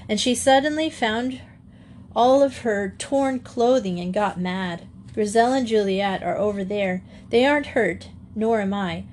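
A woman reader voicing an excitable young girl who sobs and rushes her words in a breathless tumble. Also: fairly high pitch, slight background noise, lightly acted. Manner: breathless, rushing, sobbing.

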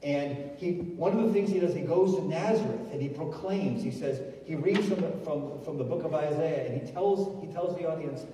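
A man's voice: a little high, normal speed, hardly any pauses, warm tone, a little hiss or hum. A man giving a sermon as a pastor, telling stories with many restarts and acting out the quoted voices. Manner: storytelling, acts out quoted voices, frequent restarts. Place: church sanctuary. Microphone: recorded from the pews. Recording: distant echoey hall recording from the pews.

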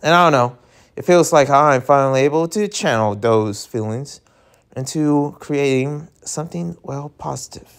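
A man's voice: a little high, moderate pace, close to an everyday voice. A man voicing a shy, anxious teenage boy who stammers and hesitates.

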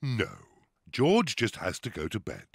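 A patient, reassuring father pig in a children's cartoon. His voice is low and slow, yet his pitch moves widely. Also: wildly swooping pitch, vocal fry, husky, no echo, studio quality, full character voice.

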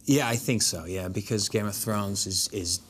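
A man's voice: lowish voice, a little hiss or hum. Dutch-born man with trained American accent. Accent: general American, trained. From Netherlands. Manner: thoughtful, halting, many restarts. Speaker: actor guest. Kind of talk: interview conversation.

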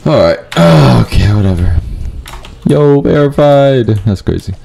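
A man giving profane live commentary over his own gameplay, muttering low and then yelping up high when things go wrong. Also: lively intonation, a little slow, creaky, mellow, breathy edge. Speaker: gaming YouTuber.

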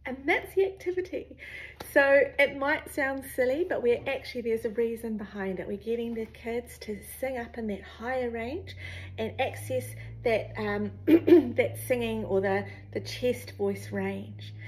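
A woman, a music teacher demonstrating a vocal warm-up in a friendly, playful manner. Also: a little slow. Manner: friendly, explains then sings phrases in a high, playful call-and-response voice.

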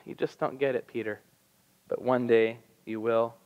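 A man voicing a gentle, sorrowful male teacher who speaks softly, during a sermon. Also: mid-range voice, fairly even intonation, moderate pace, phone-quality sound, pitched below the performer's own voice, lightly acted. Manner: gentle, soft, pained.

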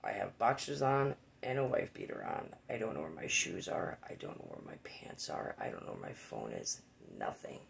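Gravelly-voiced man telling a wild story. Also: low-pitched, normal speed, hardly any pauses, slight background noise. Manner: rambling, profane, animated voices for quotes. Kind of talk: casual storytelling.

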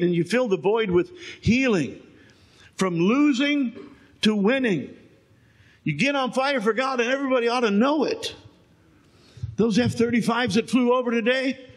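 Husky older preacher, shouts then hushes. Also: male voice, very high-pitched. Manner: swings from shouting to hushed storytelling. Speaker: pastor. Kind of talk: sermon.

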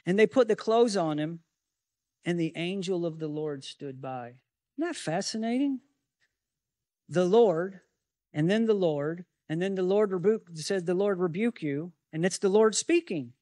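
Man, pastor, high-pitched, preaching, asks rhetorical questions, dry recording. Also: measured pace, no room sound. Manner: animated Bible teaching with rhetorical questions. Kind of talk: sermon.

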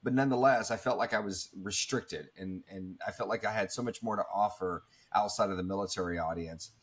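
A man's voice: deep voice, fairly quick, breathy edge. A man in his thirties, telling a personal story in an interview in an earnest, reflective way, with many fillers and restarts. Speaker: guest speaker.

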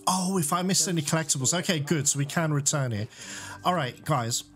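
A man's voice: on the high side, brisk, fairly bright tone, soft background music. A man giving casual, emotional gameplay commentary as a let's play host, talking straight to his viewers. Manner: chatty, emotional, keeps addressing viewers.

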